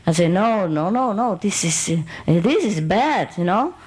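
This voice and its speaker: A woman's voice: mid-range voice, measured pace, low-quality recording. A woman, a spiritual teacher, tells a long personal anecdote to an audience in loose, broken English. She laughs often and acts out the people in her story. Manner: animated anecdote with laughs and acted quotes, broken English grammar.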